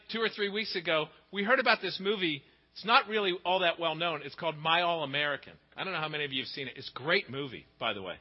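A middle-aged man preaching a sermon, telling stories with big swings in pitch and loudness. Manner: expressive storytelling, pitch and volume swing widely. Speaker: pastor. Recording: dull sound with long hall reverb.

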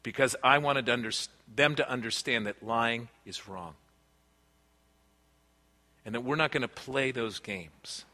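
A man's voice: medium pitch, unhurried, pauses often, bright, forceful tone. A man preaching a sermon, earnest and conversational, telling personal stories from family life. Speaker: pastor. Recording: long reverb of a large hall.

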